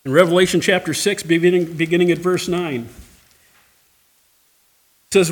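A man's voice: sits high, steady tone, normal speed, long pauses. A man preaching a sermon, reading scripture aloud and addressing the congregation directly, rising to impassioned cries. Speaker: pastor.

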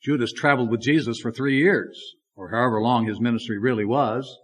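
A man's voice: medium pitch, fairly quick, fairly bright tone. A man preaching a sermon in an emphatic, questioning manner. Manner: emphatic, asks the congregation rhetorical questions.

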